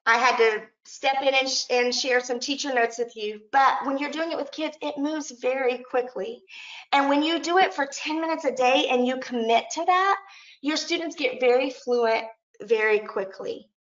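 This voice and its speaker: A woman's voice: high voice, normal speed, a bit bright. A woman presenting a teacher training lesson, modeling classroom prompts in an upbeat way. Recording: echoey room, dull lo-fi audio.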